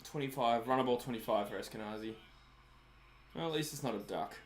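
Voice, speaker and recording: Fairly quick and mid-range in voice, this Australian livestream host keeps up easygoing chatter while a match plays. He laughs a lot and answers what viewers write in.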